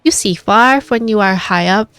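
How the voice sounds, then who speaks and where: A woman's voice: medium pitch, moderate pace, a bit bright, clean tone, faint music behind, lightly acted. A woman voicing a small fearless circus girl of about twelve, cheeky and teasing.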